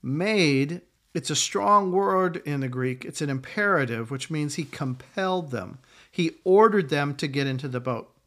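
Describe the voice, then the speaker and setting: Conversational preacher, fairly high-pitched man. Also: expressive, normal speed, a bit bright. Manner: conversational preaching with acted-out quotes. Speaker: pastor. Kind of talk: sermon.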